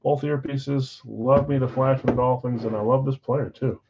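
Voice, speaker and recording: Guy hosting a live card break, fast auctioneer vibe, kinda muffled stream audio. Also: medium pitch, very noisy. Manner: energetic countdowns, chatty with viewers; auctioneer-like rapid calls.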